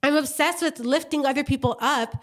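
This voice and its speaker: A woman co-hosting a podcast, telling a story in a lively, gushing way with lots of fillers and acted-out quotes. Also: high-pitched, fairly quick. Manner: animated, gushing storyteller who acts out quotes. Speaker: podcast co-host. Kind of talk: casual chat.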